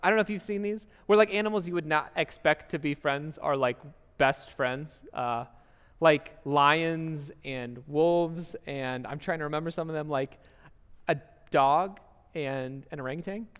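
A young man preaches in a church, his slightly high voice carried by a long hall reverb. He talks earnestly and conversationally, with rhetorical questions and quick restarts. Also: fairly bright tone, smooth. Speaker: pastor. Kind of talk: sermon. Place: church sanctuary.

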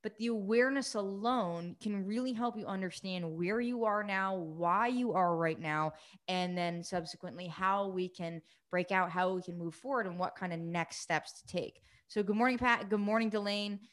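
A woman recovery coach hosting a live coaching session, talking quickly and eagerly, greeting viewers by name. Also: mid-range voice. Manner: fast, excited, energetic delivery.

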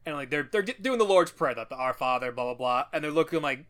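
A man on a podcast, chatting casually through a movie recap with a bright, forceful voice that sits a little high. He slips into exaggerated character voices as he retells scenes. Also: animated, quick pace. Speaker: podcast co-host.

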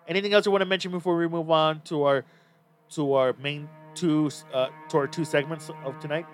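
A man's voice: on the high side, steady tone, fairly quick, soft background music. A man hosting a podcast in casual chat, talking bluntly and swearing freely. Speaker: podcast host.

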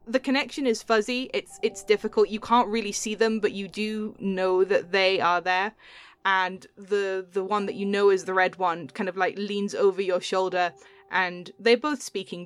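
A woman's voice: mid-range voice, a bit bright. A woman narrating as game master, describing scenes with lots of loose fillers. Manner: descriptive, with many "like" fillers and light laughs.

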